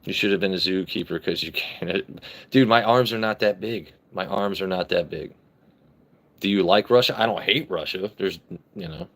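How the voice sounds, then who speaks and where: A man's voice: low voice, animated, moderate pace, creaky, fairly bright tone. Brash, joking man hosting a live stream. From United States. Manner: brash, joking, swears freely. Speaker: livestream host. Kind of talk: casual live-stream chat, reading comments.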